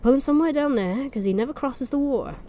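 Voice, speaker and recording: A woman's voice: high voice, quick pace, dark tone, a little hiss or hum, pitched above the performer's own voice, lightly acted. A woman voicing an uneasy male farm labourer with a broad Norfolk accent, earnestly warning strangers off.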